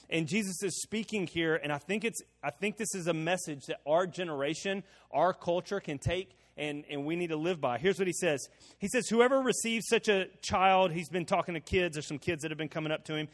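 A man preaching a sermon as pastor, his delivery swelling into sudden loud emphatic bursts. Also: a little high, big-room sound.

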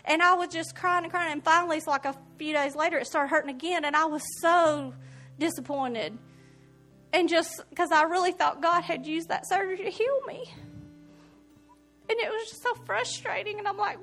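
A woman sharing an emotional, earnest church testimony in an animated storytelling way. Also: extremely high pitch, moderate pace, faint music behind. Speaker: church member giving testimony. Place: church service.

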